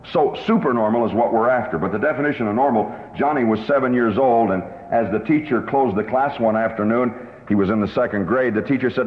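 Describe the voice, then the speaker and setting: A man's voice: mid-range voice, a little fast. A male sales trainer speaks in an emphatic storytelling manner with a mid-range voice. The sound carries a long hall reverb, and the old tape is dull and muffled. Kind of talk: sales seminar lecture with anecdotes.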